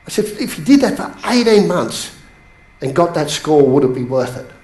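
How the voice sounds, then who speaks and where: A man coaching a seated audience in a motivational bootcamp talk, telling stories with sudden rises in pitch for emphasis. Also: moderate pace. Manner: animated storytelling, pitch jumps up for emphasis. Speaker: business coach. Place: training room with a live audience. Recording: echoey room.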